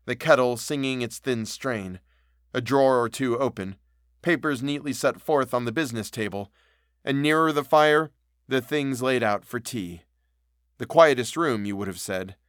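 A man reads a classic novel aloud in a measured, solemn manner, his voice sitting at an ordinary middle pitch. The recording is dry and close, with no room sound around it. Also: a bit bright, no echo. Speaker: narrator. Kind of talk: audiobook reading of a classic novel.

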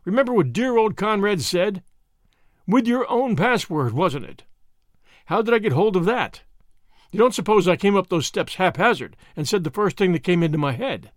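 Man as a cocky young englishman, calm, scornful, lively pitch. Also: normal speed, no echo, clean studio sound.

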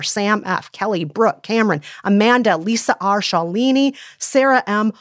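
A woman's voice: on the low side, dry recording, clean studio sound. A woman co-hosting a podcast, telling her story in an enthusiastic, chatty way. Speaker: podcast co-host. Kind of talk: casual chat and storytelling.

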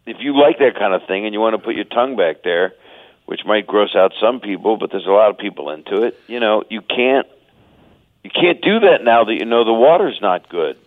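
A man's voice: lowish voice, lively intonation, fairly quick, dry recording. Man in his sixties on a tinny phone line. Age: 60s. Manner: loose, crude, laughing storytelling. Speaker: guest comedian. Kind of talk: casual radio chat.

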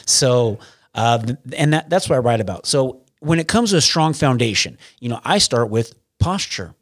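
A man's voice: medium pitch, expressive, moderate pace, a bit bright, dry recording. Rambling man in a dry close recording. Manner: rambling, with frequent restarts and profanity. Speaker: podcast guest. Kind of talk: casual conversational interview.

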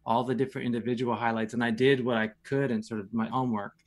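A man's voice: mid-range voice, level tone, quick pace. A man in his forties, a guest on a podcast, telling stories in a rambling, laid-back way with lots of "you know" and some casual swearing. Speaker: podcast guest, reality competition champion.

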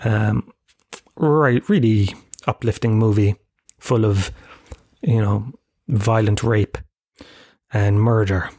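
A man's voice: fairly low pitch, steady tone, takes it slowly, warm tone, dry recording, studio quality. An Irish man in his thirties hosting a solo podcast, telling rambling, profane, self-mocking stories in casual chat. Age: 30s. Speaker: podcast host.

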